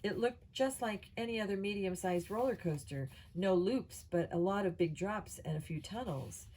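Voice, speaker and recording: A woman reading a children's novel aloud at a steady pace, with small slips and restarts. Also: medium pitch, moderate pace, breathy edge, poor audio. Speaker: audiobook reader.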